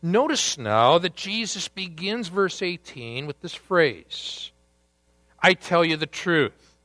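A man preaching a sermon, deliberate and emphatic, with dramatic pauses. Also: fairly high pitch, very animated, pushed and bright, dry recording. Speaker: pastor.

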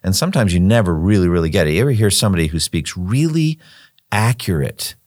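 A man's voice: low voice, very animated, fast, darkish tone, dry recording, studio quality. An older man, a former missionary, talking through a Bible study in a thoughtful, rambling way, often repeating words as he thinks. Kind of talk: conversational Bible study discussion.

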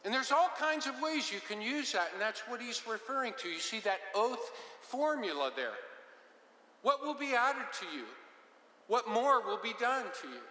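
A man's voice: extremely high pitch, sing-song, moderate pace, sharp tone. A man giving verse-by-verse Bible teaching in a conversational manner with joking asides. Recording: roomy with long reverb.

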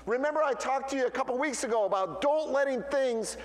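A man's voice: very high-pitched, expressive, normal speed, big-room sound. A man preaching a sermon as a pastor, telling stories and acting out the voices he quotes. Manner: storytelling preacher who acts out quoted voices.

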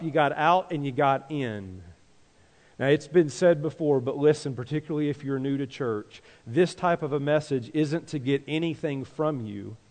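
A man preaches in a church, his voice sitting a little higher than most men's. He talks conversationally and keeps turning to the congregation with questions and call-and-response lines. His words ring out with the long reverb of a large sanctuary. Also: a little mellow. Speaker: pastor. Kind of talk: sermon.

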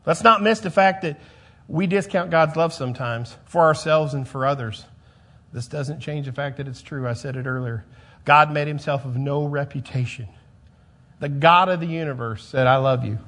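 A male pastor preaching a sermon, emphatic, repeating phrases and swinging between loud and soft. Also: on the high side, a little fast.

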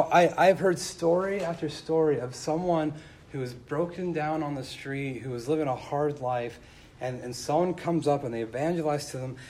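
A young male pastor delivering a sermon at an ordinary middle pitch. He moves between quiet, weighty statements and animated storytelling, his voice climbing high when he acts out surprised listeners. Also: a little hiss or hum.

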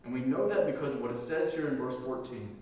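A man's voice: medium pitch, fast talker, far from the mic. Preaching man in an echoey hall. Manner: emphatic preaching, repeating key phrases, swinging between loud and hushed. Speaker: pastor. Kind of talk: sermon.

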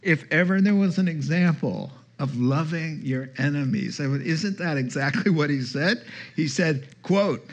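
A man's voice: a little high, normal speed. A male pastor preaching a sermon, emphatic, quoting scripture and chatting with the congregation.

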